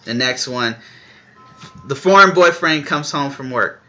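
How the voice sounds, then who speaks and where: A man's voice: mid-range voice, expressive, unhurried, pushed and bright, dull audio. A man hosting a live reaction stream, chatting casually and playfully acting out the scenes he describes. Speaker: reaction video host.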